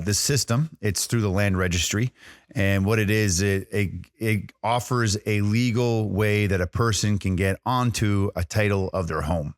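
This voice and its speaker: A man's voice: on the low side, no echo, clean studio sound. A man hosting a podcast in a casual, chatty way, full of fillers and restarts. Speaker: podcast host.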